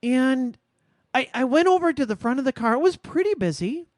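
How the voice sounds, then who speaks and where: Woman podcast co-host, earnest and reflective, very expressive intonation, dry close sound. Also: sits high, dry recording. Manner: reflective storytelling, measured and earnest. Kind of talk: casual podcast conversation.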